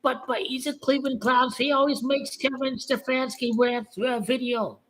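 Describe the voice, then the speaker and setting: A woman's voice: high-pitched, steady tone, normal speed, fairly bright tone, rough recording. A woman giving casual, skeptical commentary with an argumentative edge. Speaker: sports commentator. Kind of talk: casual opinion talk.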